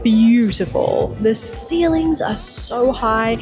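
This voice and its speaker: Young woman, travel vlogger, bright higher voice, enthusiastic and descriptive, light music under her. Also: slow pace. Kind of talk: travel vlog narration.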